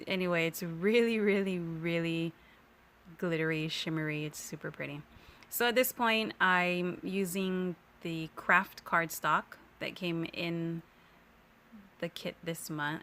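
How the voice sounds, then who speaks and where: In a home craft room, a woman voices over a card-making tutorial, chatting easily through each step and correcting herself along the way. Her voice is on the low side with a fairly bright tone, and there's slight background noise.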